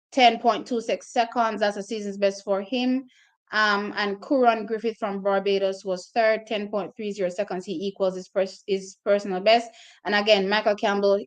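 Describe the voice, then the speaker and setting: A woman hosting her own track and field channel, talking casually and directly to her viewers about race results, openly emotional as she goes. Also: mid-range voice.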